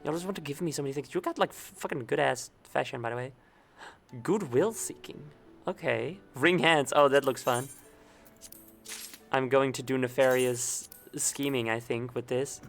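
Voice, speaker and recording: A woman's voice: a bass voice, normal speed, soft background music. A young woman streamer giving casual commentary as she plays, chatty and muttering little asides, often repeating words.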